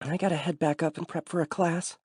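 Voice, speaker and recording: A man voicing a sharp, guarded young woman lecturer who talks quickly and defensively, as an audiobook character. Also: fairly high pitch, steady tone, husky, dry recording, voice pushed up. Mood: bitter.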